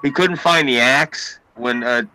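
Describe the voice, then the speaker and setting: A man on a casual podcast, telling a family story in a profane, animated way. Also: mid-range voice, unhurried, over music, low-quality recording.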